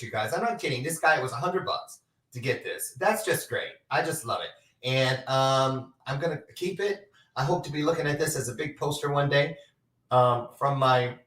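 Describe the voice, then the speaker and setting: A man's voice: medium pitch, a bit bright, far from the mic. A man hosting a talk show in casual chat, chatty and a little scattered as he hunts for a clip. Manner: chatty, scattered, fumbles with his screen. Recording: echoey room, away from the mic.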